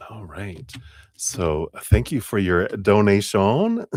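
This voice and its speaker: A man's voice: fairly low pitch, darkish tone, slightly rough, dry recording. A man hosting a live tarot reading stream, bubbly and giggly, breaking into sing-song sounds. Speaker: tarot reader.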